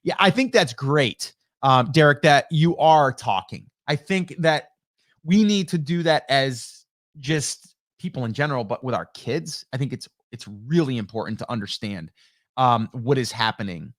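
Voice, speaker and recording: A man's voice: medium pitch, lively intonation, normal speed. A middle-aged man hosting a casual live stream, chatting in a rambling, upbeat way and greeting viewers by name. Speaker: live stream host reading chat. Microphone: broadcast dynamic studio mic.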